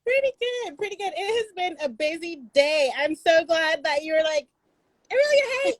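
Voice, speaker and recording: A bubbly woman with a high, bright voice hosts a live online book signing. She chats casually and laughs easily, heard through a video call. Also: moderate pace, no echo, low-quality recording. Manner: bubbly, chatty, laughs often. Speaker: bookstore host. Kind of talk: casual live-stream interview. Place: home setup in California.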